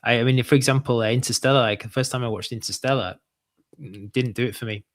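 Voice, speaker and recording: A man's voice: medium pitch, steady tone, quick pace, no echo, studio quality. A man co-hosting a casual literary discussion, chatty and full of anecdotes, often restarting his sentences. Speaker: podcast co-host.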